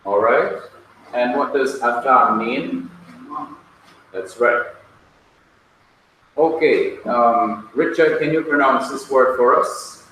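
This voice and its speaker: Male teacher drilling students, slow and patient, echoey room, heard from a distance. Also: medium pitch, pushed and bright. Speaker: Hebrew teacher. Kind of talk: classroom lesson with drills. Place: classroom. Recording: echoey classroom from far off, faint noise.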